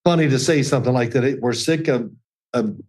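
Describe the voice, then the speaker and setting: An older man with a slight Kentucky twang tells folksy stories as an interview guest. His pitch sits in a middling range and he chuckles now and then. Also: brisk, a little mellow. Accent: slight Southern, Kentucky. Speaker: guest, former NFL quarterback. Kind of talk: casual interview chat.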